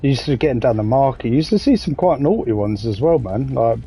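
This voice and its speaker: A man's voice: medium pitch, animated, quick pace, mellow, soft background music, low-quality recording. A man in his thirties with an English accent, chatting in a rambling, jokey way while streaming a game and swearing casually. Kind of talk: casual gaming commentary.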